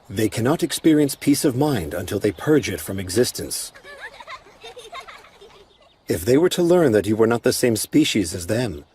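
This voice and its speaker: An actor playing an emotionless male golem lord who speaks calmly and formally. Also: on the low side, slightly rough. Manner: calm, measured, formal. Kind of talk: anime dub acting.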